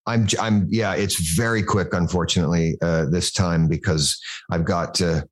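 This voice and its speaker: Deep-voiced American man telling stories. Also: fairly even intonation, moderate pace. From United States. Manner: rambling, self-deprecating storytelling. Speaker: guest singer. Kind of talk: casual podcast chat.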